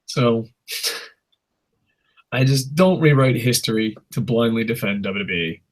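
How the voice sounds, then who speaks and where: A man's voice: medium pitch, measured pace. A man hosting a casual podcast, ranting in a rambling, profane way and laughing at his own jokes. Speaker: podcast host. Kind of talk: casual wrestling podcast rant.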